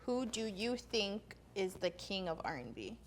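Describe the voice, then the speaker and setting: A woman's voice: medium pitch, big pitch swings, measured pace. A woman interviewer asking casual questions, chatty and encouraging with short affirmations.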